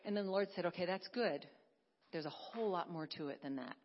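A woman giving an earnest sermon testimony, swinging from hushed to emphatic. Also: fairly low pitch, a little fast, highs cut off, a little hiss or hum. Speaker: preacher.

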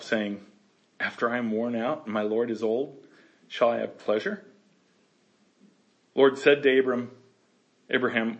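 A man leads a verse-by-verse Bible study. He reads each passage aloud and then talks it over casually. He laughs easily and acts out the characters' lines. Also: mid-range voice. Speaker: Bible teacher.

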